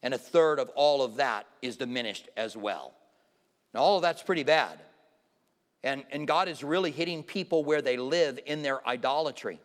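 A man's voice: mid-range voice, normal speed. Man teaching a sermon in a reverberant hall. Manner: informal, questions the audience directly. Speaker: Bible teacher. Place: church hall with a live audience. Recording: long reverb of a large hall.

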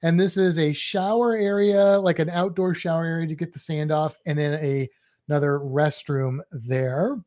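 A man's voice: a little high, fairly even intonation, normal speed, a little mellow. A man co-hosting a podcast, rambling through a walkthrough and cracking jokes and puns. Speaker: podcast co-host. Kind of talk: casual chat.

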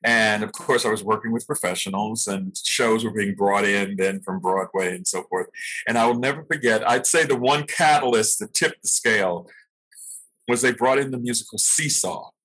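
An older man with a low, husky voice tells stories from his early theater years at an easy, reflective pace. He chuckles at himself now and then as he looks back. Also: moderate pace, pushed and bright, rough recording. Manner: reflective, anecdotal, laughs at himself. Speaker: interview guest, actor. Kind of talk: storytelling in an interview.

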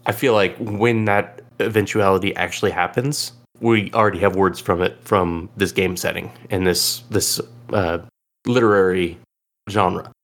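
A man's voice: low-pitched, steady tone, moderate pace, a bit bright. A man from Illinois hosting a podcast, chatting casually and rambling with lots of fillers. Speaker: podcast host. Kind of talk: casual chat.

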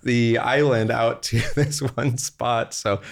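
A man's voice: medium pitch, steady tone, takes it slowly, vocal fry. A young adult man, an interview guest and company executive, telling a rambling anecdote with fillers and laughs. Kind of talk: casual storytelling interview.

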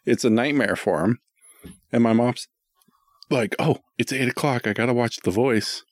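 A man's voice: medium pitch, normal speed, no room sound, clean studio sound. A man in his thirties co-hosting a podcast, chatting casually with jokes and frequent swearing. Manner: joking, profane, playful. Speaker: podcast co-host. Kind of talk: casual comedic chat.

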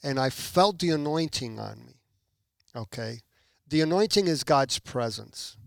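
A man's voice: mid-range voice, a little slow, vocal fry, no room sound, clean studio sound. A man from Puerto Rico, a podcast guest, telling a testimony with animation and acting out the people in it. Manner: animated, acts out quoted people. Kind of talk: testimony storytelling.

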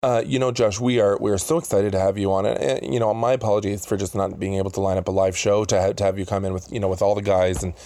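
On a studio booth microphone, with a dry sound, a man hosts a relaxed podcast interview. His lowish, dark voice moves quickly with few pauses and fairly even intonation, and he rambles, chuckles, restarts, and uses many fillers.

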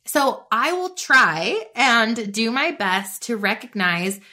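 Bubbly, bright-voiced woman host. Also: on the high side, big pitch swings, slow pace. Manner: bubbly, chatty, peppered with "like". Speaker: podcast host. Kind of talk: faith-based motivational podcast talk.

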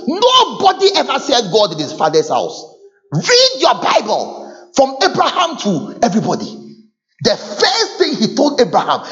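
Animated preacher man, lo-fi sound. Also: a little hiss or hum. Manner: animated, swings between low asides and high shouts. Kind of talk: sermon.

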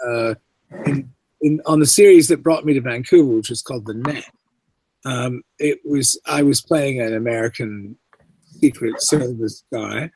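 A middle-aged Canadian man talks as a guest in a relaxed interview, his speech carrying a faint English inflection. He rambles and restarts his sentences freely, and his voice sounds dry and close, with almost no room sound. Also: medium pitch, moderate pace, slightly rough, dry recording, rough recording. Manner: rambling, many restarts and asides. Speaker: guest actor. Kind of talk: casual interview chat.

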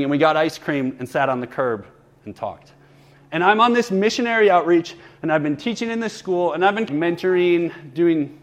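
A man in his thirties telling stories and teaching in a conversational sermon, with asides to the congregation. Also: a little high. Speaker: preacher.

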